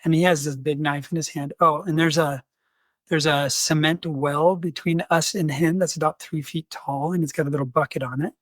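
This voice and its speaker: A man's voice: a little high, moderate pace, no room sound. A man and podcast host telling a personal story in conversation, acting out the voices of people he quotes. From United States. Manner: animated, acts out quoted voices.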